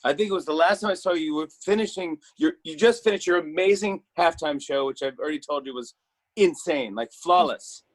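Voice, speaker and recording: A man's voice: a little high, a little fast, dry recording. A man hosting a talk show interview, gushing with enthusiasm and often restarting his sentences.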